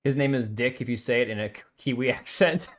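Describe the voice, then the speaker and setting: On a casual livestream, a medium-voiced man reads comments from viewers and tosses off blunt, sarcastic replies. He speaks briskly, loose and unscripted.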